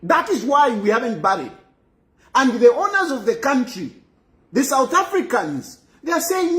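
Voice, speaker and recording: A man's voice: very high-pitched, big pitch swings, moderate pace, fairly bright tone, echoey room. A man giving emphatic, repetitive political commentary, mixing in local phrases.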